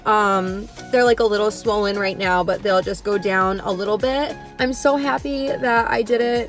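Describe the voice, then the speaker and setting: A woman's voice: fairly high pitch, fairly even intonation, moderate pace, few pauses, soft background music. A young woman vlogging casually to camera from a car, chatty and emotional, full of "like" fillers.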